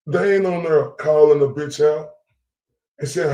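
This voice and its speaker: A Dallas-area vlogger delivers a heated, profane monologue to his followers, his voice a bit higher than most men's yet mellow and measured in pace. He keeps repeating phrases and tossing in "right?" as the room echoes around him.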